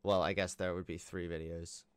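A man's voice: sits low, little pitch movement, normal speed, clear, resonant tone, no room sound. Sarcastic man, dry close sound. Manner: sarcastic, mocking. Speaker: YouTube commentator. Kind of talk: reaction video commentary.

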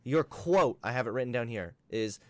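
Sarcastic young man, lively dry voice. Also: mid-range voice, moderate pace, no room sound. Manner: sarcastic, combative, animated. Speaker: commentary streamer. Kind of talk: reaction commentary and phone debate.

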